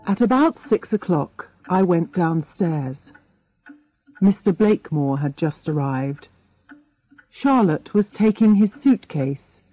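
A woman reading a story aloud for English learners, with clear, deliberate scripted narration. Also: lowish voice, animated, mellow, dry recording, faint music behind. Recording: dull, dry audiobook recording.

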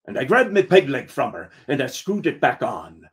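A man's voice: mid-range voice, sing-song, normal speed. A man reading a comic story aloud as a first-person pirate, using "be" in place of the usual verbs.

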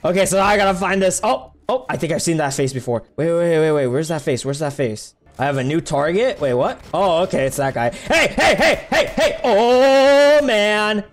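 Excitable young man yelling at a game. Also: on the high side, brisk, few pauses. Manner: excitable, yelps and shouts at the game, slangy. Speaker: gaming video creator. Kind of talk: casual gameplay commentary.

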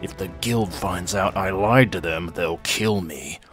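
A man's voice: low voice, measured pace, music in the background. A man voicing a frightened male governor who speaks in strained, tense bursts. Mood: pleading. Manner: strained, snarling then pleading.

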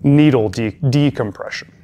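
A man's voice: mid-range voice, normal speed, dark tone. A male paramedic instructor giving a classroom lecture, talking conversationally and repeating the key points with emphasis.

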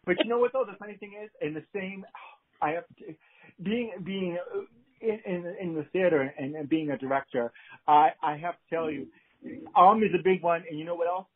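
A man with a New England accent, a theater director chatting casually as a guest, often restarting his sentences. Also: high voice. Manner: halting, many restarts and fillers. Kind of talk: casual conversation. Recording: phone-like line.

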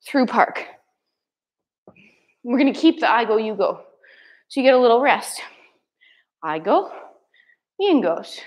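A woman leading a live kettlebell class, giving brisk counted exercise cues and sometimes out of breath. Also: a little high, darkish tone, poor audio. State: out of breath at times. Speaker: kettlebell fitness instructor. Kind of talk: live workout class cueing.

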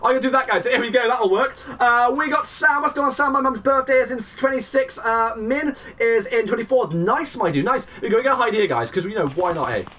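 A young man, giving excitable play-by-play commentary on his live game stream and greeting chat viewers. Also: extremely high pitch, a little fast, few pauses, distant mic, a little hiss or hum. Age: 20s.

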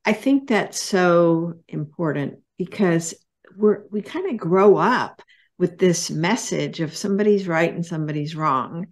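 Low-voiced woman hosting a podcast. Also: animated, unhurried. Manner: thoughtful, affirming listener. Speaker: podcast host. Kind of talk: interview questions.

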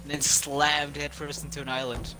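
Young male gamer, deadpan and sarcastic, clear music behind. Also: fairly high pitch, normal speed, low-quality recording. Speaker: co-op player, friend. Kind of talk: casual co-op gameplay banter.

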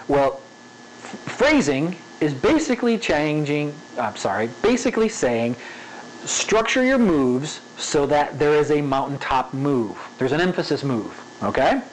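A man's voice: a little high, rough recording. Chatty man teaching animation, faint hiss. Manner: conversational, frequent "okay?" checks, repeats example sentence with varied emphasis. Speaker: animation instructor. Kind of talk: casual spoken tutorial.

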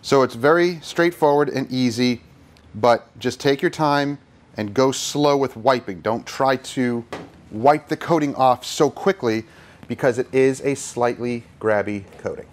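A man with a mid-range voice walks through a detailing job in a relaxed, plain-spoken way. He explains each step calmly and jokes around now and then. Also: mid-range voice, measured pace. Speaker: car detailer and channel host. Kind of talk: hands-on instructional commentary.

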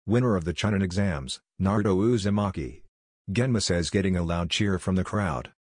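Deep male reader for fan fiction, flat and steady, no room sound. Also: normal speed, dry recording, clean studio sound. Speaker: narrator. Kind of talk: fan fiction read-aloud narration.

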